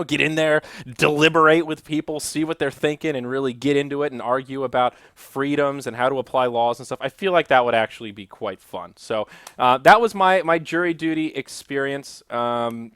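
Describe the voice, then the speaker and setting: This young adult man hosts a solo podcast, rambling casually in a medium-pitched, fairly bright voice. He swears often and keeps turning aside to talk to his chat. The studio-quality audio has no echo.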